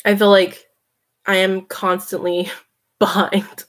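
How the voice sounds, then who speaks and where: A woman's voice: mid-range voice, flat delivery, takes it slowly, a bit bright. A woman hosting a casual late-night livestream, chatting, reading comments and laughing often. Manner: chatty, laughs often, talks to her cat. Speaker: livestream host.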